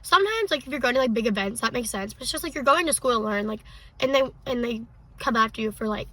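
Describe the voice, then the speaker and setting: Chatty teenage girl, quick and high. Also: animated, bright, forceful tone. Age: teens. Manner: chatty, many "like" fillers. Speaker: podcast co-host. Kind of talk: casual chat. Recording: distant mic with faint noise.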